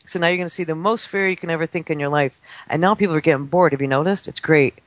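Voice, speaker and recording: Brief: man, forties, radio guest, animated storyteller who mimics kids, dry close studio sound. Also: a little high, fast talker, dry recording. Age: 40s. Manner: excitable storyteller acting out children's voices. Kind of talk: casual talk-radio chat. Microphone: studio microphone.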